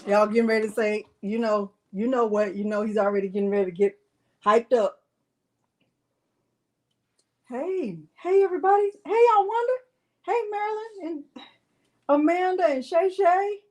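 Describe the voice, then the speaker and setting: High-pitched lady hosting a craft live stream, chatty and playful, teases her pet. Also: normal speed, pauses often, low-quality recording. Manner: playful, chatty, greets viewers by name; coaxing baby talk toward her pet. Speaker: crafting livestream host. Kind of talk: casual live-stream chat.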